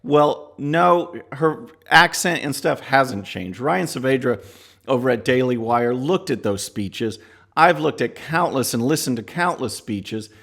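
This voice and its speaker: A man's voice: medium pitch, animated, unhurried, gravelly, a bit bright. A man hosting a political commentary show, talking casually with scornful asides. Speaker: podcast host.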